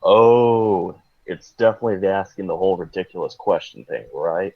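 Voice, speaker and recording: Sarcastic low-voiced man on a muffled mic. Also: normal speed. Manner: sarcastic, animated delivery. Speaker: co-reader. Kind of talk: reading a fan script aloud.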